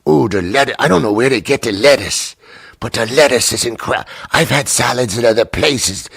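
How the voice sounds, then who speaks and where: A man voicing a fawning female restaurant waitress in a high falsetto, flattering and overly eager. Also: fairly quick, gravelly, breathy edge, dry recording. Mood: gushing.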